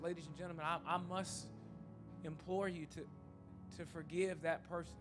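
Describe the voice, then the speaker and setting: High-voiced emphatic man preaching. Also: level tone, moderate pace, music in the background. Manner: humorous storytelling turning to earnest appeal; repetitive and emphatic. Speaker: pastor. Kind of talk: sermon. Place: church.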